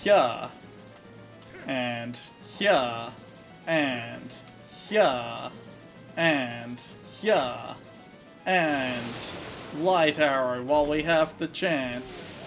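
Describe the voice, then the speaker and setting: A man's voice: medium pitch, very slow, gravelly, a bit bright, faint music behind. A man casually commentating his video game playthrough, musing through his moves with a slight frog in his throat. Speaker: let's play host.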